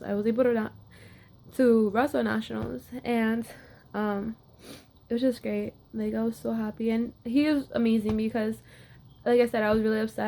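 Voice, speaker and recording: Young woman, casual storytelling, filler-heavy, gravelly, a bit high. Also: warm tone. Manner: chatty, lots of "like" fillers. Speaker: wrestler.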